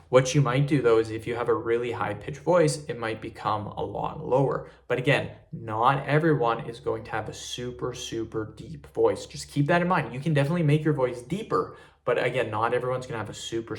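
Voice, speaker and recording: A man giving a casual talking-head tutorial as an online creator, easygoing and repetitive, with plenty of "literally" and "really". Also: medium pitch.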